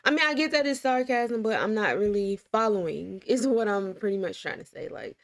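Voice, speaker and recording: Soft-spoken woman reaction host. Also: mid-range voice, lively intonation, brisk, no room sound. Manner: soft, quiet, apologetic asides. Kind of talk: casual reaction commentary. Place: home.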